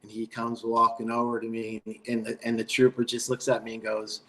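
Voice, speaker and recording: A middle-aged man from New York, a guest guitarist telling a road story in a relaxed, rambling way with casual swearing. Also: mid-range voice, a little fast, few pauses, poor audio.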